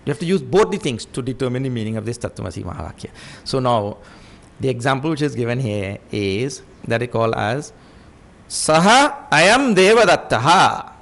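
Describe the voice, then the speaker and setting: A man's voice: mid-range voice, a little fast, gravelly. A man teaching scripture in a lecture, repeating key points and acting out stories. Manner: animated teaching with acted-out stories.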